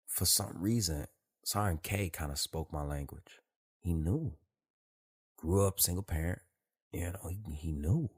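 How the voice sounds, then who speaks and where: Low husky man telling street stories. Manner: profane, animated street-slang storytelling. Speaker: host. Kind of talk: casual storytelling monologue.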